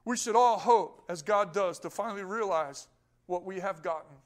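A man preaching a sermon as pastor, rising into emphatic bursts and dropping low, with rhetorical questions to the congregation. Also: moderate pace.

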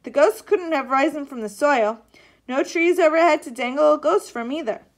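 A formal, observant boy detective with glasses picks his words precisely, as a woman reading a storybook puts him on. The voice is high. The tone stays earnest and careful. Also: moderate pace, lightly acted. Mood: puzzled, observant.

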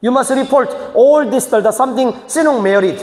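A man's voice: very high-pitched, fairly quick. A man, a senior pastor, teaching church leaders in choppy, emphatic phrasing that rises into bursts. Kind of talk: teaching seminar sermon. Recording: echoey hall reverb.

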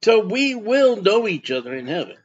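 Man, pastor, folksy sermon, asks the congregation questions, slightly high voice, lo-fi sound. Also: sing-song, moderate pace, breathy edge.

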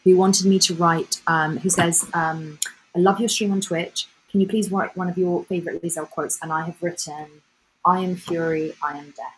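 Young woman from Bulgaria, Australian-tinged accent, lowish voice, playful and cheeky, casual livestream chat. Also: steady tone, normal speed, a little hiss or hum, rough recording. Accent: Australian-sounding. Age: young adult. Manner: playful, self-mocking, swears casually. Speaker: guest signing autographs.

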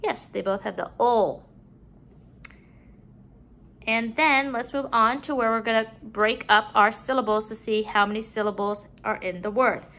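A woman teaching a phonics lesson to young children at home, drawing out each word slowly and clearly. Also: fairly high pitch, fairly even intonation. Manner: slow, drawn-out modeling of words, bright sing-song emphasis.

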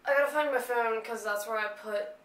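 Bright-voiced young woman telling a story. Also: a little high, fairly quick. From North Carolina. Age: young adult. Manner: chatty, laughs often, fillers like "you know". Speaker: vlogger. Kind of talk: casual storytime vlog. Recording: echoey home room.

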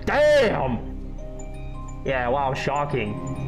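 A man giving casual, joking gameplay commentary, swearing and reacting loudly while he plays. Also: mid-range voice, big pitch swings, slow pace, long pauses. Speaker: gaming YouTuber. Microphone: scuffed mic. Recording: game music behind.

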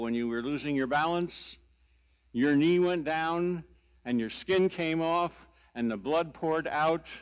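Slow, wry older pastor preaching. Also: male voice, a little high. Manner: slow, deliberate storytelling with wry humor. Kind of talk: sermon.

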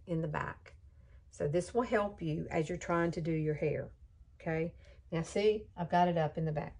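A woman over fifty talks through her hair routine in a casual home tutorial. She is chatty and excitable and calls her viewers girl. Her voice sits mid-pitch over a faint background hiss. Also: poor audio. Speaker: beauty vlogger.

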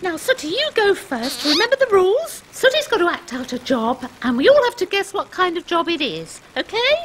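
Casting: prim puppet panda girl, squeaky and sing-song, bossy schoolmistress scolding, noisy set. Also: sing-song, brisk. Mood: teasing. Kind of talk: children's puppet comedy.

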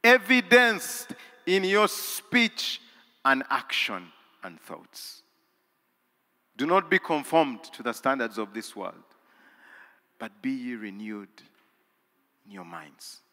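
A man preaching a sermon in a large cathedral, swinging from hushed lines to loud, emphatic peaks and repeating words for emphasis. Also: lowish voice, expressive, slow pace, long pauses. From Uganda. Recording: long hall reverb.

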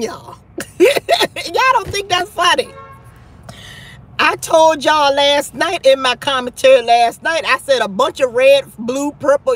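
High-pitched, animated gossiping woman host. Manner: animated, gossipy, full of "child" and "honey". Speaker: live-stream host. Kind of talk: casual live-stream chat.

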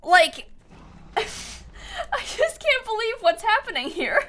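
A woman streaming a video game live, muttering softly to herself, then shrieking and laughing when things go wrong. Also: very high voice, slow, long pauses. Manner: excitable, shrieks and laughs at setbacks. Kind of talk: live gameplay commentary.

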